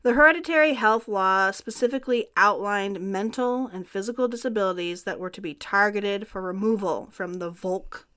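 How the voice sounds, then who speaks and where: A woman's voice: mid-range voice, fairly bright tone. Earnest woman co-hosting a history podcast. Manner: earnest, explanatory, reads quotes from laws. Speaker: podcast co-host.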